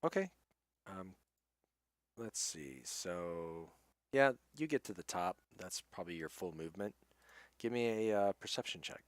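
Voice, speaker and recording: Very deep-voiced man running a tabletop game. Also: animated, no echo. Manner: unhurried, hesitant with many fillers. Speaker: game master. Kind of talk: narrating a tabletop game session.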